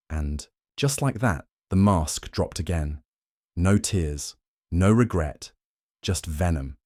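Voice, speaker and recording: A young man narrating his own dramatic story in the first person, brooding and measured, with a vengeful edge. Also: deep voice, expressive, warm tone, no echo, studio quality.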